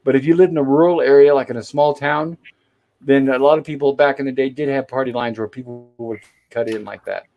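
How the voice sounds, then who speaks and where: A man's voice: mid-range voice, steady tone, fairly quick, dull audio. A man hosting a casual chat, explaining and walking through scenes step by step. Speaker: host. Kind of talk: casual chat reviewing an old sitcom.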